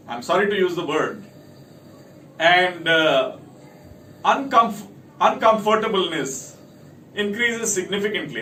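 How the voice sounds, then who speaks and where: A man's voice: high voice, a bit bright, far from the mic. A man giving a talk to camera, working through a list of points with emphatic delivery. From India. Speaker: company speaker. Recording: echoey room, from off mic, faint noise.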